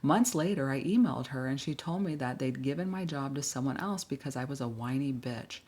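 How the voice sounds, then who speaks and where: A woman's voice: rumbling low, animated, fairly quick, a little mellow. A woman giving casual, blunt reaction commentary on workplace stories, sighing often with exasperated asides.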